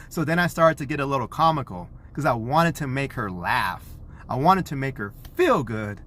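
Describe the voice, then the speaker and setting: A man, a parent, telling a story in a vlog, animated and acting out the scenes he describes. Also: medium pitch, moderate pace.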